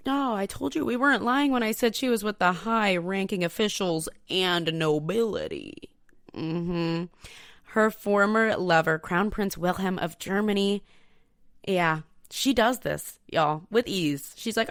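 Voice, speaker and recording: A woman hosting a podcast, telling a history story in a casual, profane, animated way and talking straight to her listeners. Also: mid-range voice, measured pace, no echo, clean studio sound. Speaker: podcast host.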